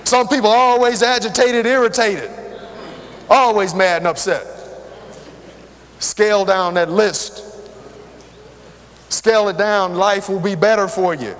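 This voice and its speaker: A man's voice: high voice, measured pace, long pauses. An older man preaching a sermon, telling personal stories and talking straight to the congregation. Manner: lively, conversational, talks straight to the crowd. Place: church hall. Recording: long hall reverb.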